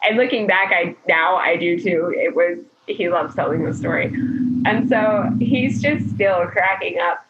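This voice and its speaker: A woman casually telling her birth story as a guest, chatty and animated, quoting people often. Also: fairly low pitch, unhurried, noisy background. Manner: chatty, animated retelling with frequent "like" and laughter. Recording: dull lo-fi recording.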